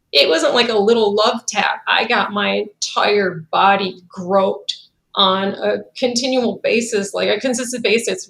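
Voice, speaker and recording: A woman's voice: medium pitch, vocal fry. A woman in her thirties telling her own story in a candid, conversational way, full of "like" and "you know", often quoting what was said. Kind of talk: candid personal account. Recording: roomy echo.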